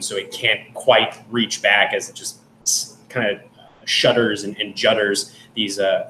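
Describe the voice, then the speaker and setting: A man with a low voice describes his character's actions in a tabletop game, pausing often and filling gaps with hesitations. His voice sounds echoey in the room, with a faint hiss behind it. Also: pushed and bright. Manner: halting, filler-heavy. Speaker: player.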